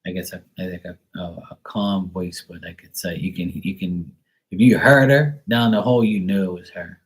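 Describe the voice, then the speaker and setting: Young male psychic reader, very low voice, loose rambling delivery with lots of fillers and casual cursing. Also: steady tone, normal speed. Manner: rambling, hesitant, filler-heavy with mild profanity. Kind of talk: live psychic reading.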